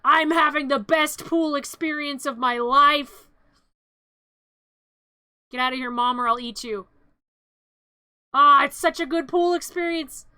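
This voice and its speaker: A woman voicing a mischievous, menacing male gremlin in a comic film retelling, speaking slowly and boastfully, sometimes shouting. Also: sits high. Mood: menacing glee. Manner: slow, drawn-out villain boasting, shouting.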